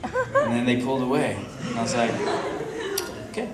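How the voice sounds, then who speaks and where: A man's voice: mid-range voice, a little fast, a crowd in the background. A man in his thirties telling a funny story to a live audience, laughing often and acting out the voices in it. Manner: animated, laughing, acts out voices. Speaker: convention panel guest. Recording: roomy hall, mic from far off.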